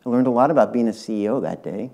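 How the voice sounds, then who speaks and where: Mellow-voiced older man telling a story. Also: medium pitch, racing, gravelly. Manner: anecdotal, addresses the audience directly. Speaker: guest speaker, retired tech executive. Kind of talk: storytelling public talk. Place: university lecture hall.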